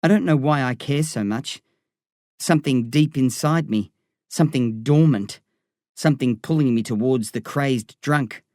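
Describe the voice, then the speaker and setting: A man's voice: mid-range voice, darkish tone, no echo. Man narrating an audiobook, dry close sound. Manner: first-person, measured storytelling.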